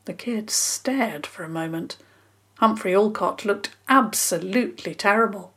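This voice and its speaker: A woman calmly narrating a children's story in a measured, scripted reading. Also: mid-range voice, breathy edge.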